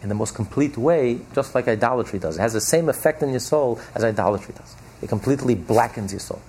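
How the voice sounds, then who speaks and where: A man's voice: mid-range voice, lively intonation, quick pace, a little mellow, slight background noise. A man teaching as a rabbi, giving an emphatic religious lecture full of rhetorical questions and repetition.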